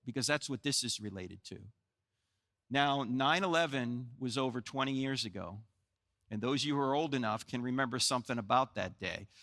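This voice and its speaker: His mid-range voice pushed and bright, a sixty-something Christian apologetics speaker from New Jersey tells jokes and stories to a live audience. He also puts questions to them.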